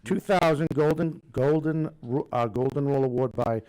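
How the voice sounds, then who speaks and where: A man's voice: medium pitch, normal speed, a little mellow, clean tone, low-quality recording. A man hosting a local sports talk radio show, chatty and reading out award notes.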